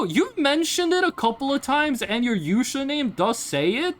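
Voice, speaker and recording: A woman from Norway, chatting casually with her live-stream chat, blunt and animated, swearing freely. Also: a little high, moderate pace, hardly any pauses. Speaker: VTuber streamer.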